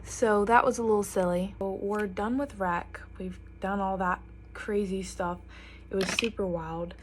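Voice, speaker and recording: This young woman vlogger shares a storytime while getting ready, chatting away and animatedly quoting other people. Her voice is medium-pitched and a little slow, with faint music in the background.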